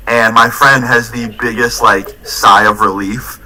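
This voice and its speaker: A young adult man retelling a story in a casual, profane, animated way. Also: medium pitch, measured pace, hardly any pauses, poor audio. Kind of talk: storytime vlog.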